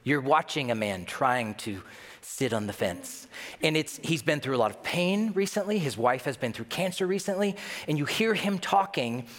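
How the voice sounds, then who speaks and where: A man preaching a sermon as pastor, animated, swinging between loud emphatic bursts and hushed low asides. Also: moderate pace. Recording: long reverb of a large hall.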